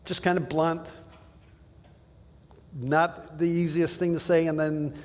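Male pastor, relaxed conversational sermon, plainspoken storyteller, long hall reverb. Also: a little high, takes it slowly.

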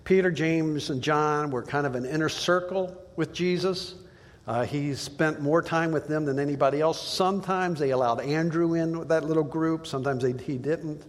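A man's voice: fairly high pitch, normal speed, in a large hall. A male pastor giving a conversational sermon, telling stories in a plain way with asides to the listeners.

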